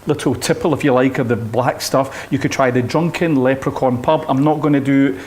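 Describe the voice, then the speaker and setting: A man's voice: mid-range voice, steady tone, a little fast, a little mellow. A man co-hosting a listings show, chatting in a light-hearted, playful way. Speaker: co-host. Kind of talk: casual chat.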